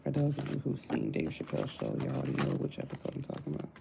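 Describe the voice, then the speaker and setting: A woman's voice: extremely low pitch, big pitch swings, racing, vocal fry, heavy background noise. A woman giving a casual live tarot reading, blunt and talkative, cussing and joking to her viewers. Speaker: tarot reader.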